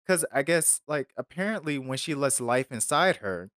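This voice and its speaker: Animated and fairly bright, a man's somewhat high voice moves at normal speed in a clean studio with no room sound. He's a podcast host reviewing a film, rambling casually through fillers and wry side comments.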